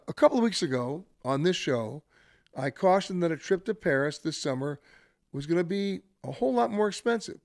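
A man's voice: a little high, darkish tone, no echo, studio quality. A man hosting a radio travel show, giving chatty, emphatic travel advice straight to listeners. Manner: chatty, emphatic, gives direct travel tips. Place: hotel where the show is broadcast.

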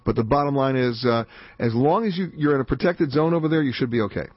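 Fast-talking male radio host, husky. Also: medium pitch, animated, no room sound. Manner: emphatic, chatty, quick asides. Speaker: radio travel show host. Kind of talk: fast radio call-in talk. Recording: dull band-limited radio audio.

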